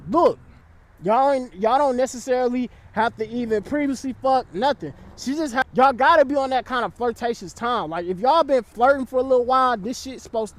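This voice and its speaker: A young man giving blunt, profane dating advice in a casual vlog, often checking in with the listener. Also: very high-pitched.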